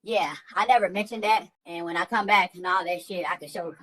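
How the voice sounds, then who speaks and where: A woman's voice: lowish voice, fairly even intonation, fairly quick, fairly bright tone, rough recording. A woman who hosts a livestream, telling a story in casual, profane, slang-heavy chat. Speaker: livestream host.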